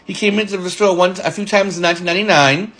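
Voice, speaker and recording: High-voiced guy in his 40s rambling about old work memories, laughs a lot. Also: steady tone, a bit bright. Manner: rambling, halting, laughs between stories. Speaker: storyteller recalling a friend. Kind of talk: casual spoken reminiscence.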